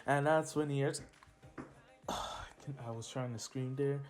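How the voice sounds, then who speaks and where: A man's voice: medium pitch, steady tone, fairly quick, darkish tone. A teenage boy narrating a fan-made superhero story in a casual, rambling way with laughing asides and slang.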